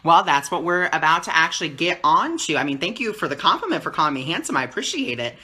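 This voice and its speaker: A man talking calmly and teacherly on a live stream as a spiritual teacher, answering viewer comments and often checking in with "okay?". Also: fairly high pitch, fast. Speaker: spiritual teacher and card reader.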